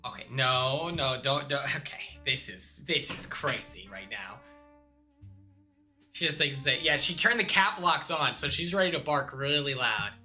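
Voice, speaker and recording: Laid-back slangy young man, very bright voice. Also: medium pitch, lively intonation, unhurried, faint music behind. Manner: laid-back and slangy, talks to chat with laughs and trailing restarts. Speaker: streamer. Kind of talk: casual live-stream chat.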